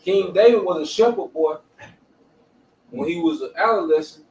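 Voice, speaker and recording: A man's voice: high-pitched, moderate pace, darkish tone, far from the mic, slight background noise. A man in a casual group discussion of scripture, speaking in street slang with profanity and often asking "you know what I'm saying". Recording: echoey room, voice from off-mic, faint ambience.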